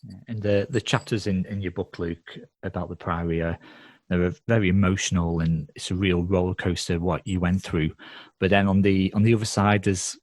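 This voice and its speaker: Male podcast host: lower pitch, friendly, eager interviewer, dry close recording. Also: steady tone, moderate pace, darkish tone, dry recording. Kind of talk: conversational interview.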